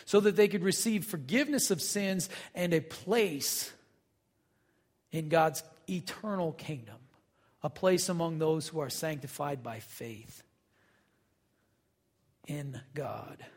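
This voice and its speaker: A man's voice: on the high side, takes it slowly, pauses often. A man preaching a sermon as pastor, conversational and folksy, with casual asides and acted-out quotes. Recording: long reverb of a hall.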